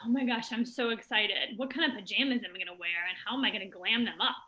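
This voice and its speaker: A woman co-hosting a casual chat over a video call from home, bubbly, excitable and rambling. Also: medium pitch, fast talker, crowd noise. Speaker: co-host.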